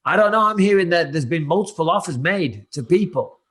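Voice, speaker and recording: A man's voice: on the high side, lively intonation, fairly quick, fairly bright tone, husky. A man in his forties hosting a podcast, talking in a blunt, profane, challenging way. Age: 40s. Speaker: podcast host. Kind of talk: casual podcast chat.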